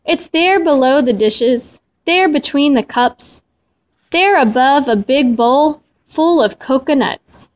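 A woman voicing a lazy young boy with a high, whiny boyish voice. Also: lively intonation, slow.

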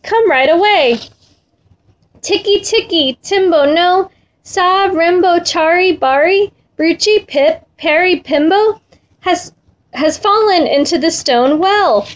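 A woman's voice: high-pitched, measured pace, rough recording. A woman voicing a frantic little boy in a storybook, breathless and pleading as he stumbles over a long name. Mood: desperate.

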